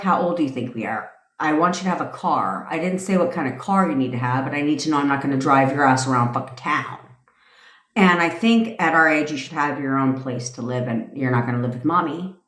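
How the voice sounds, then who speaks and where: A middle-aged woman rants on a casual livestream, cursing freely and laughing through her story. Her voice sits low but leaps up and down with energy. The room around her rings with echo. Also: fairly bright tone. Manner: blunt, profane, laughs often. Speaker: manifestation coach on a livestream.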